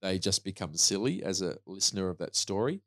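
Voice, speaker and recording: A man's voice: low-pitched, brisk, a bit bright, no room sound, clean studio sound. A man co-hosting a podcast who explains public-speaking tips one numbered point at a time. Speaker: podcast co-host. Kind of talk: casual advice chat.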